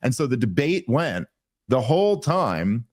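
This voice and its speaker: A man's voice: medium pitch, big pitch swings, a little slow, a little mellow. A man arguing on a political podcast, heated and sarcastic, often restarting his sentences. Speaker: debate guest. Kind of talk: political debate conversation.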